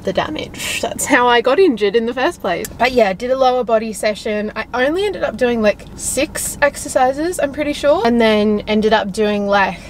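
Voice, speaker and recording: Young female vlogger, chatty and giggly, a little high-pitched, faint background hiss. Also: normal speed, few pauses, low-quality recording. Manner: chatty, lots of "like" fillers, giggly. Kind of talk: casual vlog chat.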